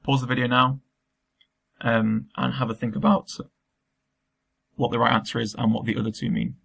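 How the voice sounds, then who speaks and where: Gravelly-voiced male teacher, flat delivery. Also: medium pitch, moderate pace. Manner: patient, explains step by step with many ums. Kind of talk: recorded remote lesson walkthrough.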